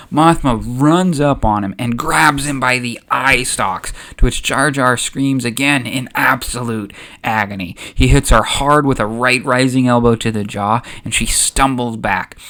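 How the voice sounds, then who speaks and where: A man hosting a channel, narrating a story in a casual, chatty way. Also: mid-range voice. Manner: chatty, relaxed, uses fillers. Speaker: YouTube host.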